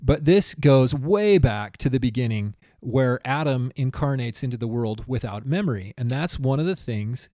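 A man's voice: mid-range voice, animated, moderate pace, hardly any pauses, dark tone, dry recording, clean studio sound. A man co-hosting a podcast in casual chat, earnestly explaining spiritual ideas with frequent restarts. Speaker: podcast co-host.

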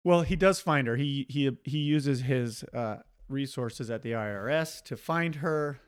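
A man co-hosting a casual film discussion, retelling scenes with bursts of laughter and quick acted quotes. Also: medium pitch, smooth, no room sound, clean studio sound. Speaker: podcast co-host.

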